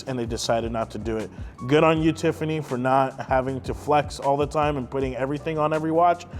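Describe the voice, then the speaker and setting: A man, a watch dealer, showing off a luxury watch in an emphatic, enthusiastic showcase, repeating phrases for effect. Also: medium pitch. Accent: Texas.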